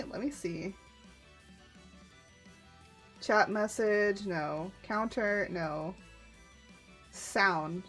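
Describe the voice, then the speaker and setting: A woman streaming live in casual chat, giggling often and muttering to herself as she clicks through software. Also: on the high side.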